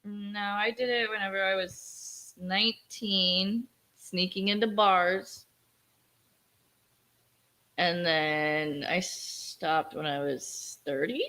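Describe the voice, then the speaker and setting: Giggly woman in her 30s, stream co-host, bright voice, slow delivery. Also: mid-range voice. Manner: playful, giggly. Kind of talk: casual joking chat.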